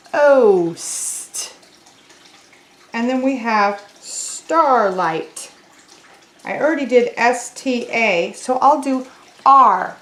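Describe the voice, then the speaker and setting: A woman teaching a children's lesson, talking slowly and clearly in a sing-song teacher voice to young kids. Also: on the high side, very animated, fairly bright tone. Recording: roomy echo.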